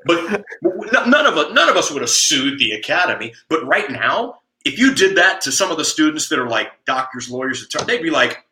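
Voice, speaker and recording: Brief: man, jiu-jitsu coach, crude emphatic storyteller, sharp bright tone, roomy echo. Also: fairly high pitch, big pitch swings, brisk, hardly any pauses. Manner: blunt, profane, emphatic, stammers on restarts. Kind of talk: storytelling in casual podcast chat.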